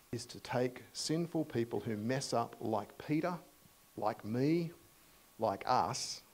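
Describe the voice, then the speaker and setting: Australian guy preaching, chatty, asks the room questions, gets loud then drops almost to a whisper. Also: mid-range voice, slight background noise, low-quality recording. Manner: animated, swings from loud emphasis to hushed near-whispers; conversational, asks the congregation questions. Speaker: visiting preacher. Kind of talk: sermon.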